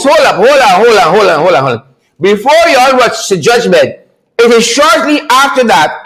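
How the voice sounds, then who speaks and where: High-pitched mocking man. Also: poor audio. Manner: mocking, repetitive, animated. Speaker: livestream host. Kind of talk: political commentary livestream.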